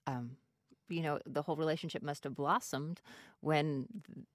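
A woman's voice: low voice, normal speed, dry recording, clean studio sound. A woman chatting casually on a radio show about food she has eaten, often restarting and trailing off mid-sentence. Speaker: food commentator.

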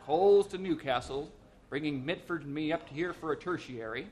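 A man's voice: a little high, normal speed, a little mellow, close to an everyday voice. A man voicing a grumbling older male specialist doctor in a read-aloud story. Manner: gruff, grumbling.

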